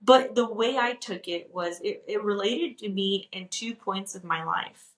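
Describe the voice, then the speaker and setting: A woman from Texas tells a personal story on a podcast in a chatty, animated way. She talks at a middling pitch and leans on "like" as she goes. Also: measured pace, echoey room, low-quality recording. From Dallas, Texas. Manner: animated, chatty, heavy use of "like". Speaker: podcast co-host. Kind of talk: casual chat, personal storytelling.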